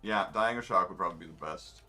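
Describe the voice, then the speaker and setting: A man's voice: deep voice, quick pace, bright, forceful tone, soft background music. A man, rambling in wry, offhand asides while commenting on his racing game. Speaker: gamer streaming a race. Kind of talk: casual gameplay commentary.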